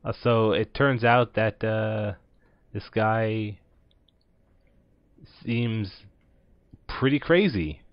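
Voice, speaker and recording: Low-voiced guy narrating his game, lots of uhs, dry muffled sound. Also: drawn-out words, long pauses, dry recording. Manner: rambling, many filler words. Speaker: let's play host. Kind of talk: casual gameplay commentary. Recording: dull lo-fi dry voice recording.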